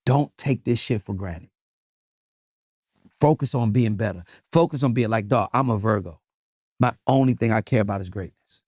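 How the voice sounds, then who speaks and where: A man being interviewed, telling stories in an emphatic, animated, profane way. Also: lowish voice, moderate pace, pauses often, no echo, studio quality. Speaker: music manager guest. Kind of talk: casual interview storytelling.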